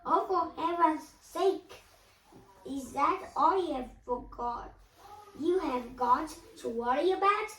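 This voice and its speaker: A woman's voice: high voice, lively intonation, takes it slowly, fairly bright tone, full character voice. A woman voicing an exasperated man scolding a child. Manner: scolding, impatient. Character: exasperated adult man, a harried teacher. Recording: echoey room, voice from a distance.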